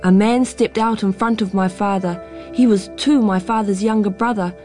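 A woman reading a storybook aloud in a clear, measured way as scripted narration. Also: medium pitch, fairly even intonation, dark tone. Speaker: storybook reader. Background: music.

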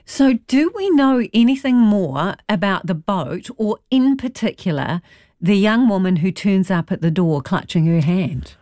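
A woman presenting a radio show with brisk, polished links. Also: mid-range voice, lively intonation, mellow, no room sound, studio quality. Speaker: radio host. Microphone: studio microphone.

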